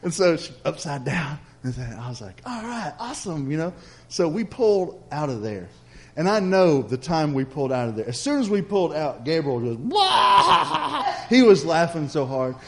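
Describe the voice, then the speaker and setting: A man's voice: a little high, expressive, normal speed, darkish tone. A man preaching a sermon, telling a story in a folksy, chatty way and speaking straight to the congregation.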